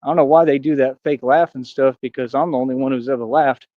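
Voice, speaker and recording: A man's voice: mid-range voice, steady tone, quick pace, no room sound, phone-quality sound. A man ranting casually on a livestream, rambling and aggrieved, slipping into preachy declarations. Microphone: streaming mic.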